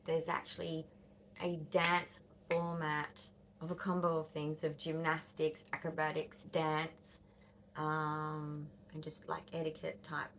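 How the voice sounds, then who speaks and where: A woman's voice: deep voice, monotone, slow pace, a bit bright, slight background noise. An Australian woman in her fifties telling a rambling, blunt story to camera, swearing and dropping into whispers. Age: 50s. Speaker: vlogger.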